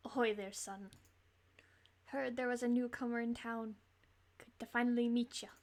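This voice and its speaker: A weathered old fisherman back from the sea, hearty and friendly, talking in a rough sea-dog lilt, as a woman puts him on while reading a game's lines aloud. The voice sits a touch high for an old sailor. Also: fairly even intonation, extremely slow, bright, forceful tone, full character voice. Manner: improvised salty sea-dog accent. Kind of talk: reading game dialogue aloud on stream.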